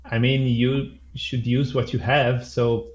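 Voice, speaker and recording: Slow, halting male player. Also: medium pitch, little pitch movement, lo-fi sound, slight background noise. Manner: halting, searching for words. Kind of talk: tabletop game chat.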